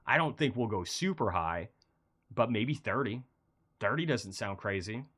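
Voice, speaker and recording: A man's voice: fairly low pitch, unhurried. A man hosting a casual market commentary stream, talking through charts in a rambling, conversational way while feeling a bit unwell. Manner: conversational, rambling, animated bursts of excitement. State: feeling unwell, low energy.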